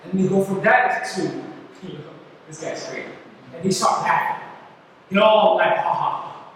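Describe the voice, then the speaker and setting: High-voiced man teaching in an echoey hall. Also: normal speed, fairly bright tone. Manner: rambling, chatty, full of fillers and asides to the group. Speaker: youth Bible study teacher. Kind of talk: casual Bible study teaching. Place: church hall. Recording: echoey hall from far off, noisy.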